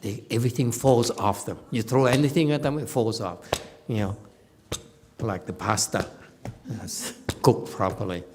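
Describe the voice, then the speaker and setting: A man giving a Dharma lecture as a Buddhist teacher, playful and laughing often, moving between loud bursts and hushed asides. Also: on the low side, moderate pace, pauses often, background noise. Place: temple lecture hall.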